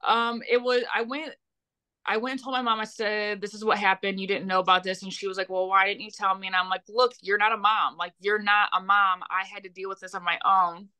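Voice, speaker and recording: Woman, young adult, podcast guest, blunt, heated, swears a lot, bright tense voice. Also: mid-range voice, level tone, brisk, smooth. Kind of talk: emotional personal storytelling.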